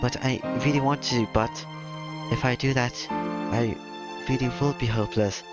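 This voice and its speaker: A man's voice: mid-range voice, fairly even intonation, moderate pace, natural voice. A man voicing a lonely, anguished teenage vampire girl, reading her lines plainly in his own voice over game music. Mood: hesitant. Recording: slightly dull lo-fi mic, game music behind.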